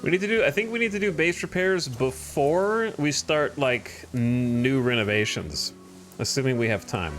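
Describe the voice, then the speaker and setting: A man's voice: mid-range voice, expressive, moderate pace, fairly bright tone, faint music behind. A man streaming a game, chatting casually and thinking aloud about his next moves. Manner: thinks aloud while playing, chatty and easygoing. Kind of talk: casual gameplay commentary.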